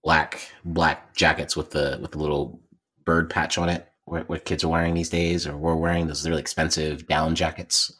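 A man's voice: a bass voice, little pitch movement, moderate pace, fairly bright tone, breathy edge. A man co-hosting a casual podcast chat, telling a rambling story full of restarts and repeated words. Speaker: podcast co-host.

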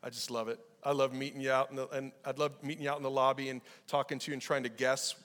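A man preaching a casual, animated youth sermon, acting out the people in the story in quick voices. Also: medium pitch. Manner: animated, acts out quoted voices. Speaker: pastor. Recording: hall reverb.

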